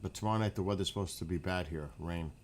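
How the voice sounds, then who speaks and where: Hushed New York man chatting at night. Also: deep voice, quick pace, a little hiss or hum. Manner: relaxed, rambling, chatty with viewers, often hushed. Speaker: livestream host. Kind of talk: casual late-night livestream chat. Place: outdoors at night in front of a rural house.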